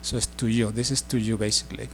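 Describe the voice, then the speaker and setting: Gravelly-voiced man teaching a lesson. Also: lowish voice, level tone, a little hiss or hum. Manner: explains slowly with many fillers and restarts. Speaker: language teacher. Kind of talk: casual spoken lesson.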